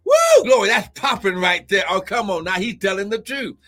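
A man preaching a charismatic prophetic sermon, breaking into shouted exclamations and repeated phrases. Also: sits high, soft background music. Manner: shouting exclamations and drawn-out repetitions. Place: church service, live.

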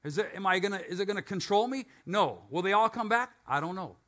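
Older man, pastor, casual sermon delivery, high bright tone. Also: lively intonation, fast talker. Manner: conversational, self-questioning preaching.

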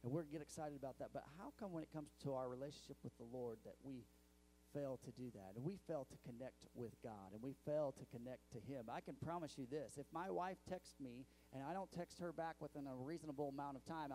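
A man's voice: mid-range voice, fast, dark tone, slight background noise. A young male pastor preaching a sermon in a church, telling stories in a conversational way with many restarts. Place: church sanctuary.

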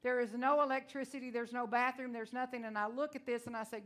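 Woman, Texan accent, preacher, loud and blunt, emotional, folksy storytelling. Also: a little high, fairly even intonation, fast talker, few pauses. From Texas, USA. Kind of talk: sermon.

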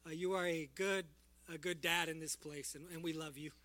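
A man in a church giving a heartfelt, halting tribute to his pastor, close to tears. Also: a little high, fairly even intonation, sharp tone. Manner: heartfelt, tearful, halting with fillers. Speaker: church leader presenting an award. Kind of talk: emotional church tribute speech. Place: church sanctuary.

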